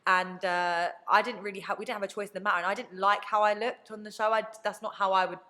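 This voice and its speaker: Fast-talking bright woman. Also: medium pitch. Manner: animated storytelling, acts out quoted people. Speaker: podcast guest. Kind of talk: casual chat.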